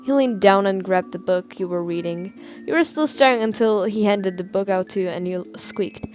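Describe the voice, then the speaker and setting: A young woman reading her own fan fiction aloud, soft-spoken and a little giggly. Her pitch sits in the middle range, and faint music plays under her voice. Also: steady tone, normal speed.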